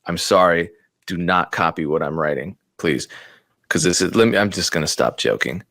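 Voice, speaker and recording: A man's voice: low-pitched, normal speed, creaky, fairly bright tone, no echo. A man running a casual live-streamed lesson on marketing, thinking aloud as he works, often repeating words and slipping in sarcastic jokes. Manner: joking and sarcastic at times. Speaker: music producer teaching a beat-selling class.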